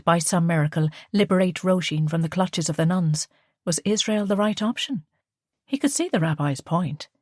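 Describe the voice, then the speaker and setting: Female audiobook narrator, lowish voice, measured delivery, dry close sound. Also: a little mellow, slightly rough, no room sound. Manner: measured storytelling. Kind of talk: scripted narration.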